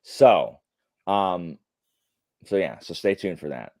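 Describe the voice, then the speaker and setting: A man's voice: deep voice, slow pace, no room sound, clean studio sound. A young adult man hosting a livestream, telling stories in a casual, rambling way with lots of fillers. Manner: rambling, animated storytelling with many fillers. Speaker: livestream host. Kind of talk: casual chat.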